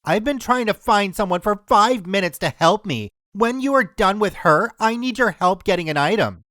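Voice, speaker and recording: A man voicing an angry, pushy older woman shopper who is loud and demanding. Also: sits high, animated, moderate pace, no room sound, studio quality, pitched above the performer's own voice. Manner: loud, near-screaming, demanding.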